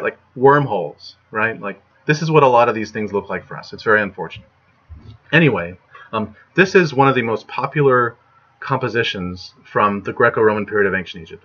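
A man's voice: medium pitch, a bit bright. Chatty young man lecturing from home. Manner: chatty, lots of "right?" and "like". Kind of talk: casual online lecture. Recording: muffled lo-fi recording.

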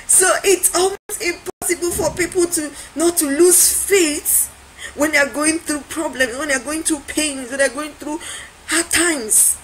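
High-voiced woman giving an emphatic motivational talk. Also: normal speed, a bit bright, slight background noise, poor audio. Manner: emphatic, repetitive, preacher-like build-ups. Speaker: motivational speaker.

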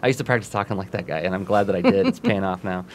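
Fast-talking enthusiastic man hosting. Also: low-pitched. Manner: enthusiastic, talks fast with many restarts. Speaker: podcast host. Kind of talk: casual chat.

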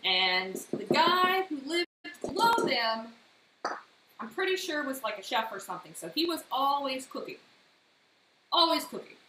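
A woman casually walking viewers through a baking demo from her home kitchen, slipping lively personal stories in between the steps. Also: sits high, normal speed. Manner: chatty, animated anecdotes between step-by-step instructions. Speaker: baking streamer. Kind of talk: casual live-stream baking demo and storytelling. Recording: echoey kitchen with faint noise.

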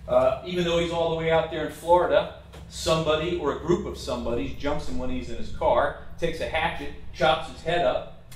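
A man's fairly high voice carries a casual, blunt, opinionated slideshow presentation. He is recorded from a distance in an echoey room, with a little hiss or hum.

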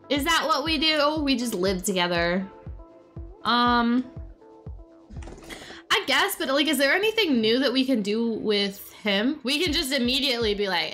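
A young woman chats through a life-sim session in a high, lively voice that swoops up and down as she exclaims at her characters. Soft music plays underneath. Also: measured pace. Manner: chatty, exclaims often, talks to her game characters. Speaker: gaming YouTuber. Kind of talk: casual let's-play commentary. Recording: faint background music.

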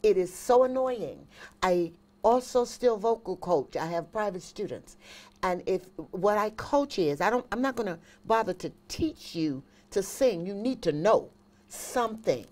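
A woman's voice: medium pitch, unhurried. A woman, a singer and vocal coach, chatting as an interview guest and telling stories with emphatic repetition. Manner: animated storyteller, emphatic repetition.

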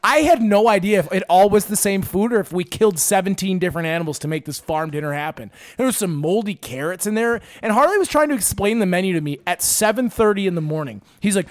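A man rants his way through a casual podcast chat, swearing freely as he spins animated stories. His voice sits a bit high for a man. The sound is dry and close, with no room around it. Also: fast talker, hardly any pauses, dry recording. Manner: profane, ranting, animated storytelling. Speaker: podcast host.

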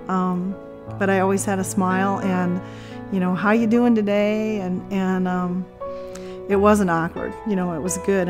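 An earnest woman around sixty tells her own story to interviewers, and her voice sits at an ordinary middle pitch. She acts out the lines she quotes, pausing on fillers and starting sentences over, while faint music plays underneath. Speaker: interview guest. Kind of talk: personal testimony in conversation.

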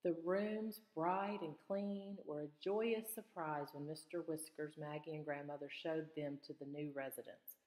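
A woman's voice: deep voice, steady tone, measured pace, few pauses, a little mellow. A woman teacher reads a children's storybook aloud and stops to ask her students questions about the story. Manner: asks questions to check students' understanding. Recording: echoey room with long reverb.

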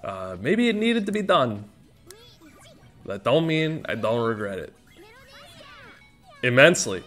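Soft music plays behind a male gaming streamer whose mid-range voice is sing-song and fairly bright. He takes his time, offering rambling, self-mocking, exclamatory commentary on the game he's playing.

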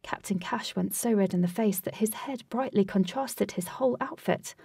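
A woman reading a storybook aloud as scripted narration, with a steady, even delivery. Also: medium pitch, normal speed, creaky, husky, no room sound, far from the mic. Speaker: audiobook reader. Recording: dry, voice set back from mic.

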